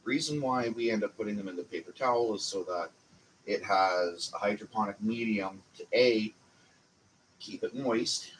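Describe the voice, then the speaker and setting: A man with a Canadian accent hosting a casual growing class, talking slowly and meandering with lots of fillers. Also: on the low side, a little hiss or hum, rough recording. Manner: slow, meandering, with frequent fillers. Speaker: channel host teaching a growing class. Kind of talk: casual instructional talk.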